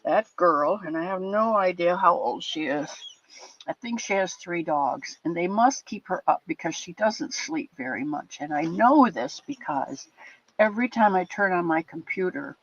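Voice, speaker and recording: An older woman hosting a livestream, chatting warmly and rambling with her viewers in a casual, affectionate way. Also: on the low side, animated, moderate pace. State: a bit teary. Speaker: livestream host. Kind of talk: casual chat with live chat viewers. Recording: dull lo-fi dry sound.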